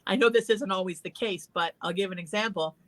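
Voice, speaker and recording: This psychic talk show host, a woman of Irish heritage, takes calls and offers earnest, encouraging advice in a conversational manner. Her voice sits in the mid range and moves a little fast.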